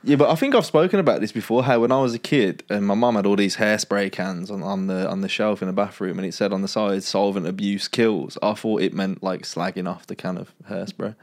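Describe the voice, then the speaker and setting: A man's voice: on the low side, brisk, hardly any pauses. A young man co-hosting a casual comedy podcast, chatting, swearing and laughing often. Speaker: podcast co-host. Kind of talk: casual banter.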